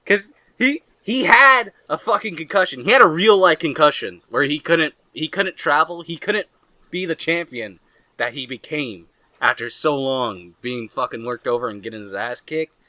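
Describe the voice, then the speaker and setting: A young man co-hosting a podcast in casual chat, rambling excitably and swearing a lot. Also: on the high side, moderate pace, dry recording. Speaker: podcast co-host.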